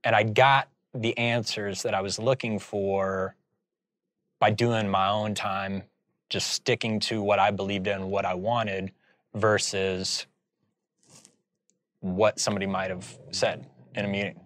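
A man's voice: fairly low pitch, unhurried, long pauses, dry recording, studio quality. A man from Indiana, a filmmaker guest in an interview, telling a story casually and animatedly with lots of "like". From Indiana, USA. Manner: animated storyteller, heavy use of "like".

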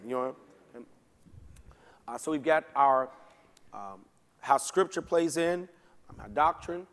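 Chatty pastor in a reverberant church. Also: male voice, on the high side, lively intonation, measured pace, pauses often. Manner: conversational, keeps checking in with "Okay?"; folksy, slips into casual slang. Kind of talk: Bible study teaching. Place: church sanctuary. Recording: long church hall reverb.

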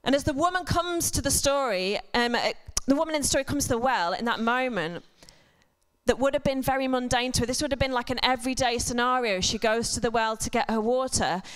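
A woman preaches to a church congregation in a relaxed, chatty way. Her voice sits a little high and sounds smooth and resonant. She drifts into self-deprecating humor and quick asides. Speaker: church speaker. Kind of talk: conversational sermon. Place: church service before a congregation.

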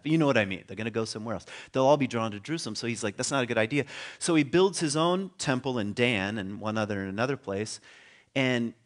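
Chuckling man giving a casual sermon. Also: medium pitch. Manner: casual and chuckling, thinks aloud with restarts. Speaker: teacher at a spiritual community. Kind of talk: conversational sermon.

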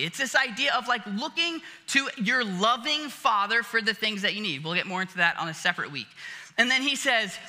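High, bright-voiced preacher in a reverberant hall. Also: male voice. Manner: conversational, many fillers, acts out little scenes. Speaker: pastor. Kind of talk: casual sermon. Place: church auditorium.

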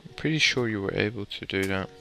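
A man's voice: lowish voice, fast talker, vocal fry, bright, forceful tone, soft background music. A young man giving casual, rambling commentary while playing a building game, muttering to himself and swearing mildly. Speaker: gamer commentator.

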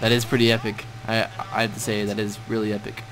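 A young man casually commentating a shooter game, swearing and shouting at enemies as he plays. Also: on the low side, monotone, fast, music in the background. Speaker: gameplay commentator. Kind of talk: casual gaming chat. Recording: game audio behind with clear gunfire noise.

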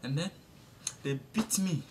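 A young man telling a comic story in a monologue. He talks in an animated way and breaks into sudden high shrieks and laughs. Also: unhurried, a little hiss or hum. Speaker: comedic storyteller.

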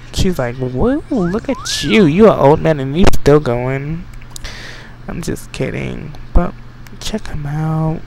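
A man giving excitable, chatty let's play commentary, bossing his game characters around. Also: a little high, vocal fry. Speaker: game streamer. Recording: noisy home recording.

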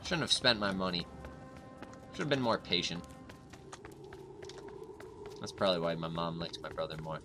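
Gaming host, male, low-pitched, loose and rambling with excited bursts, music bed audible. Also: moderate pace, pauses often. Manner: rambling, filler-heavy chatter with sudden excited outbursts. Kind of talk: casual let's-play commentary.

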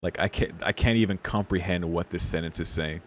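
A man's voice: low voice, brisk, a little hiss or hum. A man reading a visual novel aloud, breaking off into swearing, laughing commentary between the lines. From United States. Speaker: visual novel let's player. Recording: music playing behind the voice.

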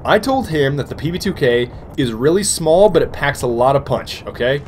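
A young man giving goofy, excitable commentary over his own gameplay footage. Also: on the high side, moderate pace, a little hiss or hum. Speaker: gaming commentator.

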